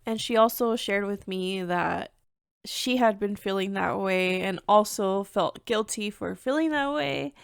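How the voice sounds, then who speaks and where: A young adult woman hosting her own podcast, talking in a candid, animated, chatty way with plenty of "like" fillers. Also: medium pitch, measured pace, creaky, smooth, no room sound, studio quality. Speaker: podcast host. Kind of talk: casual personal podcast monologue.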